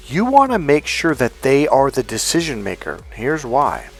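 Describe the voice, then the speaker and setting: A man's voice: mid-range voice, wildly swooping pitch, normal speed, creaky, slightly rough, faint music behind. A man giving a casual, blunt lecture as a dating coach, swearing freely and telling anecdotes. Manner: blunt, profane, emphatic.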